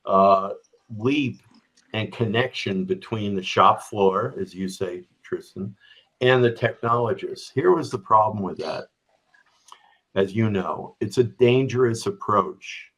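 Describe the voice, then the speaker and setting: A man's voice: on the low side, takes it slowly, a bit bright, rough recording. Older-sounding man explaining with examples. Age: middle-aged or older. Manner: explains with examples, tags points with "right?". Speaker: guest, business strategy executive. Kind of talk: conversational explanation on a remote podcast.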